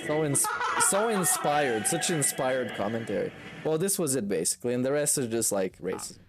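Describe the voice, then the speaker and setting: A man's voice: medium pitch, big pitch swings, moderate pace, over music. A man hosting a stream, reacting to clips with sarcastic, mocking commentary. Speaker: stream host.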